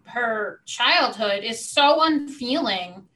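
A woman co-hosting a casual recap chat, measured and hesitant, backing up her partner with short agreements. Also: a little high, expressive, sharp tone, rough recording. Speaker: podcast co-host.

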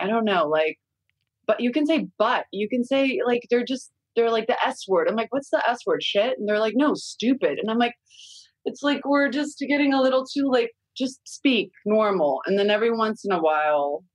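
A woman's voice: mid-range voice, no room sound, poor audio. A woman, a mother of young kids, chatting candidly as a podcast guest, with frequent fillers and casual swearing.

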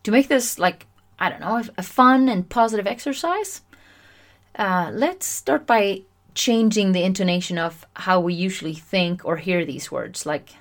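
Lower-pitched woman hosting her own self-help podcast; talks chattily and laughs at herself. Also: a little slow. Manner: chatty, self-mocking and animated. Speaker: podcast host.

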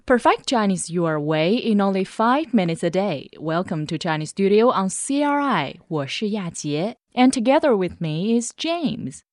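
A woman hosting a radio language lesson, saying model phrases slowly and carefully. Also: medium pitch, sing-song, a little mellow, no room sound, studio quality. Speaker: language teacher and host.

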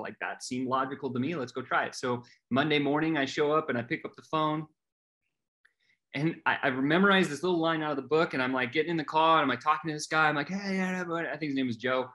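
Man, middle-aged, casual talk guest, animated delivery with many fillers. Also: on the high side. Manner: animated, acts out quoted voices, many fillers. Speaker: podcast guest telling his story. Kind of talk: casual storytelling chat.

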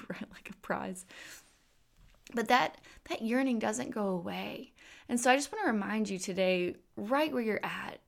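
Woman in her thirties, faith podcast host, candid storytelling, mid pitch. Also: measured pace, vocal fry. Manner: warm, candid storytelling with fillers. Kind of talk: faith-based podcast talk. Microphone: podcast microphone.

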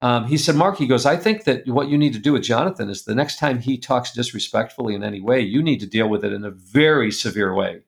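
Gravelly man telling an earnest story. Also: medium pitch, quick pace, hardly any pauses. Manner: earnest, confessional, drops quiet and soft in painful moments. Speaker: guest speaker. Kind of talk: personal storytelling in a conversation.

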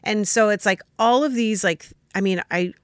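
A woman's voice: medium pitch, moderate pace, smooth, no room sound, studio quality. A woman hosting a podcast, talking casually with an emphatic, coaching manner. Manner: emphatic and coaching, often acts out other people's quoted lines. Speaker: podcast host.

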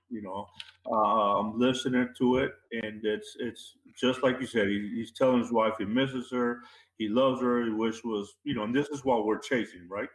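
Emphatic man, roomy echo. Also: medium pitch. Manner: emphatic, repeats key phrases. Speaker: guest. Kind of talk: casual interview talk.

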